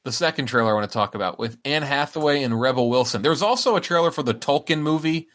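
A man's voice: medium pitch, expressive, fast, fairly bright tone. A man co-hosting a podcast in casual chat, rambling along with frequent fillers and restarts. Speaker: podcast co-host.

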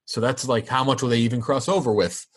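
A man of ordinary pitch hosts a casual podcast, reading entertainment news items and an ad read in a relaxed way. He laughs easily and drifts into chat about the stories between items. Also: quick pace.

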